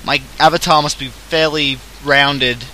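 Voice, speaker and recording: A man's voice: fairly high pitch, steady tone, a little slow, bright, forceful tone, slight background noise, poor audio. An Australian man hosting a casual gaming livestream, jokey, self-mocking and theatrical. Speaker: streamer host.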